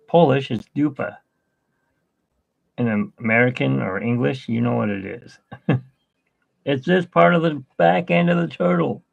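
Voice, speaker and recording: A man's voice: medium pitch, vocal fry, highs cut off. A man hosting an art livestream, chatting in a rambling, easygoing way that often loses its thread. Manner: rambling, chatty, self-interrupting. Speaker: art channel host. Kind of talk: casual livestream chat.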